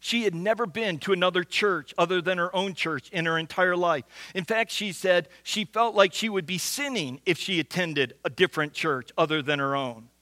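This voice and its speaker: Man, pastor, sermon, high voice, earnest, dry close sound. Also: sharp tone, no room sound. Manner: earnest, with frequent restarts and slow emphatic repetition.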